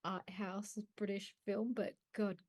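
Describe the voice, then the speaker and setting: A woman co-hosting a podcast in casual chat, husky and quick to giggle. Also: medium pitch, level tone. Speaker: podcast co-host.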